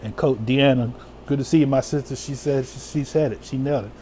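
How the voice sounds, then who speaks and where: A man preaching as an elder, reading scripture slowly and talking casually with his listeners. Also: mid-range voice, steady tone, dark tone, slight background noise. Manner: slow, drawn-out scripture reading with sudden whoops and laughs; casual, talks to viewers live.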